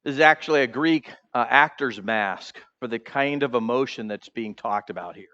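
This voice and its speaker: A male pastor preaching a sermon, animated, acting out the characters' voices and putting questions to the congregation in a church. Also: medium pitch, normal speed, lo-fi sound. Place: church sanctuary.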